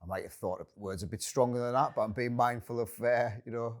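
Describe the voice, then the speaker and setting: A man's voice: mid-range voice, fairly even intonation, quick pace. A middle-aged man from North East England, a company director chatting in an interview, playful and self-deprecating. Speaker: guest, managing director. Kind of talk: casual interview chat.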